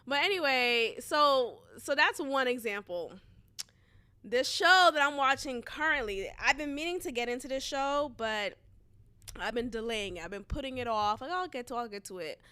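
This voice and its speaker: A woman's voice: high-pitched, expressive, normal speed, pushed and bright, clear, resonant tone. A young woman from Boston, hosting a solo podcast in a casual, chatty monologue full of asides and fillers. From Boston, USA. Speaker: podcast host.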